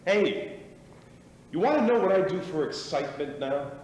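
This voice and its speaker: An actor playing a swaggering, reckless ex-jock. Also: male voice, mid-range voice, lively intonation, measured pace, darkish tone, lightly acted. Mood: manic boasting. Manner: swaggering, rambling, prods listeners with "right?" and "boy". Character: reckless boastful middle-aged ex-athlete, bored and restless. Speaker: stage actor. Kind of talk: live stage play acting. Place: small theater stage. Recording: echoey theater stage, distant mic, noisy.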